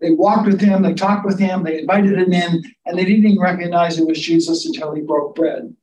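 A man with a high voice preaches a sermon, talking it through conversationally and inviting listeners to imagine themselves in the scene. He stands off the mic, so the sound is roomy and a little distant, with faint ambience behind him. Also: fairly even intonation, brisk, darkish tone.

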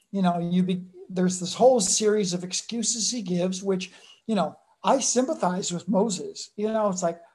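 A woman's voice: on the low side, warm tone. A woman giving a sermon in a conversational way, acting out short voices as she retells the story. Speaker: preacher.

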